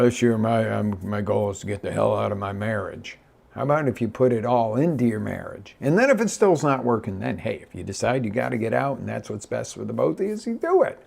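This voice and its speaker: A male life coach talks straight to his audience with lively energy, often breaking off and restarting his sentences. His voice sits somewhat low and is deeply gravelly, with a rough, husky edge throughout. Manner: energetic coaching, direct address with many restarts. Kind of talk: live motivational talk.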